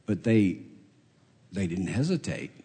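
A middle-aged man preaching a sermon, dramatic, swinging from loud passages to hushed ones. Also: sits low, very animated, slow, husky.

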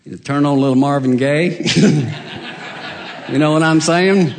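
A man preaching a sermon, telling the story with acted-out dialogue and humor, moving between soft low asides and raised, emphatic cries. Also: takes it slowly, long pauses.

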